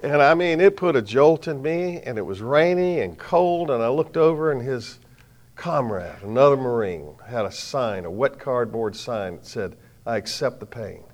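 A middle-aged man with a drawl delivers a sermon in a mid-range voice. He tells folksy personal stories, punching some lines loudly and letting others fall quiet. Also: mid-range voice, normal speed. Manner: folksy, animated storytelling with sudden loud bursts and quiet drops. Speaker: preacher.

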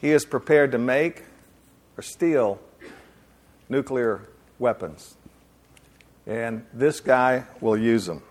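A man's voice: medium pitch, slow, pauses often. A man, speaking to a live audience as a men's ministry speaker in a folksy, joking storytelling manner. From Alabama, USA. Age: 50s.

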